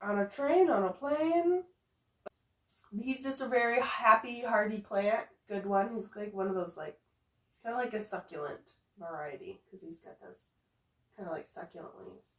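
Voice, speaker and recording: A woman's voice: mid-range voice, normal speed, fairly bright tone. Gushing woman vlogger in an echoey room. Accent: some regional accent that slips in. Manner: gushing, enthusiastic, fond of repeating words. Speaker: houseplant vlogger. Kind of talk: casual chat. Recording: roomy echo, distant from the mic.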